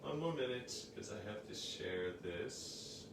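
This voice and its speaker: A man co-hosting a home cooking show, talking in a lively, jokey way. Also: mid-range voice, slow pace, creaky, slight background noise. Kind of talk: casual chat. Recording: echoey room from far off.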